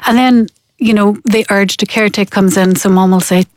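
Woman guest, mid-pitched, lively and explanatory, dry close-miked studio sound. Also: fairly quick, no room sound. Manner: animated, acts out quoted parents. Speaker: parenting expert guest. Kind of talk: conversational interview explanation.

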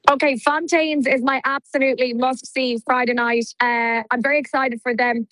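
Chatty irish woman, high voice, dry close sound, reporting live for radio. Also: fairly even intonation, moderate pace, a bit bright, no room sound, low-quality recording. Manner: bubbly, chatty, laughs often. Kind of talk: live radio phone-in chat. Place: outdoors in heavy rain at a festival.

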